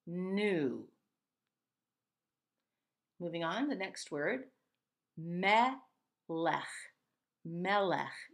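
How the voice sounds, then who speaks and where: A woman's voice: medium pitch, gravelly. A woman teaching a Hebrew reading lesson, patiently sounding out each word syllable by syllable. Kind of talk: slow step-by-step reading lesson.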